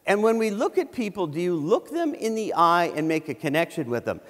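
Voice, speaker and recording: Lively high-voiced man telling comic stories. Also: a little fast. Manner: comic, conversational delivery with many restarts. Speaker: keynote speaker. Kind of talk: humorous keynote storytelling. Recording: reverberant hall.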